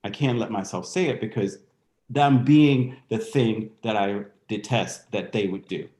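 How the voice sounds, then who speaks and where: A man's voice: on the low side, a little slow, a little mellow, reverberant. A man speaking as a guest in a candid interview, reflective and thinking aloud with restarts. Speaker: guest dancer.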